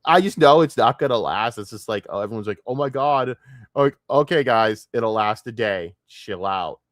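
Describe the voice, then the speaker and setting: A man's voice: medium pitch, expressive, normal speed, a bit bright, dry recording. Rambling, profane male streamer, dry sound. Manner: rambling, profane, trails off and laughs to himself. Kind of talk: casual solo livestream rant.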